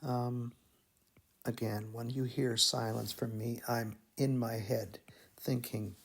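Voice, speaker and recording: A man teaching melody writing in a slow, musing, think-aloud way, humming phrases as he explains. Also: mid-range voice, flat delivery, creaky. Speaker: music teacher. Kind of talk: thinking-aloud composition tutorial.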